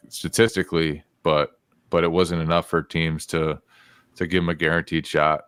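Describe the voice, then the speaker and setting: A man co-hosting a casual sports podcast, giving measured, thoughtful analysis. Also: extremely low pitch, a bit bright, smooth, dry recording, studio quality. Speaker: podcast co-host and beat reporter.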